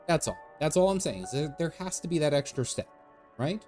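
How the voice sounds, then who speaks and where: A man's voice: a little high, sing-song, fairly quick, mellow. Chatty male game streamer over faint music. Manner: chatty, rambling, answers chat as he goes. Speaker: gaming streamer. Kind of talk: casual live-stream chat while gaming.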